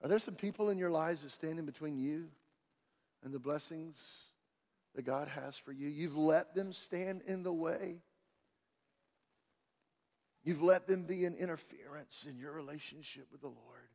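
A man preaching a sermon as pastor, swinging from quiet asides to loud, shouted climaxes. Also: a little high, unhurried, long pauses. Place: church sanctuary. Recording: long church hall reverb.

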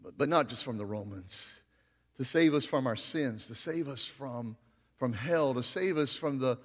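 A male pastor preaching a sermon, swinging between loud, emphatic passages and quiet, slow emphasis. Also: medium pitch, big-room sound.

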